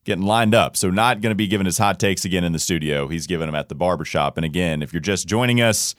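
A man co-hosting a sports podcast in a studio, chatting casually with an animated, jokey, self-deprecating manner. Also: deep voice, quick pace, no room sound. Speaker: podcast co-host.

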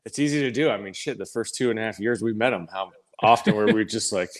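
A man with a low voice co-hosts a podcast in easygoing chat. He drops dry, teasing quips. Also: fast. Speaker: podcast co-host. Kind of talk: casual chat.

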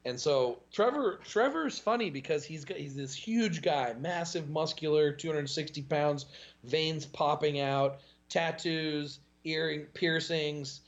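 A man guesting on a podcast, telling stories in an animated way and chuckling often. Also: fairly high pitch, a little slow, muffled recording. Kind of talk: casual podcast chat.

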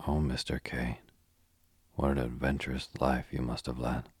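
A man's voice: extremely low pitch, little pitch movement, moderate pace, slightly rough, no echo, full character voice. A man voicing a gushing young woman tourist who eagerly questions her guide. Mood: curious.

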